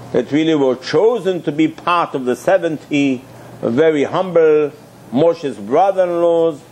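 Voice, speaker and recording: A man giving a sermon as a rabbi, telling a story lively acted-out dialogue and rhetorical questions. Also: on the high side, a little hiss or hum.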